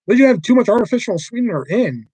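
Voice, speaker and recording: A man's voice: very high voice, racing, slightly rough, no echo, poor audio. A man hosting a casual livestream, rambling and swearing freely, with lots of filler words as he tells stories. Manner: animated storyteller. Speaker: livestream host.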